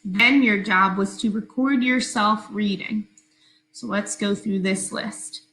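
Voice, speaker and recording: A woman teacher giving a recorded phonics lesson to her class, speaking slowly, clearly and patiently. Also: mid-range voice, fairly bright tone, reverberant, low-quality recording.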